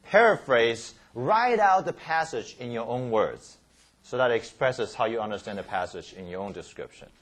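A man teaching a Bible study class. His pitch moves a lot and rises and falls as he explains each step. His voice is a little husky, and he stumbles and restarts words while checking that the class follows. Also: animated, moderate pace. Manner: repeats key words, frequent "okay?" and "right?" check-ins.

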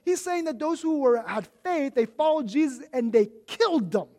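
A man as pastor, giving a conversational sermon with lots of restarts, turning animated when he mimics his own complaints. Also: extremely high pitch, normal speed.

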